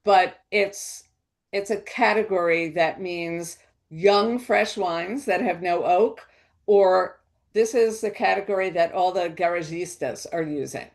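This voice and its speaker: A woman's voice: on the low side, measured pace. Chatty woman explaining wine. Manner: chatty, explanatory, with laughs and restarts. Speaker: wine educator. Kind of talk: educational wine talk.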